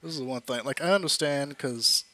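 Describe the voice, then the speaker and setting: A man giving casual let's-play commentary, animated and quick to exclaim. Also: medium pitch. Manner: animated, exclaiming at game moments. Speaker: gamer.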